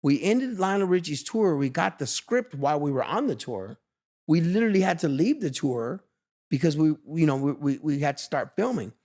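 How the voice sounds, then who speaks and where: A man in his fifties from Los Angeles, a guest in a casual interview, telling lively stories and acting out other people's lines. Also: a little high, normal speed. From Los Angeles, USA. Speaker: guest, veteran street dancer. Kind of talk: animated storytelling in a casual interview.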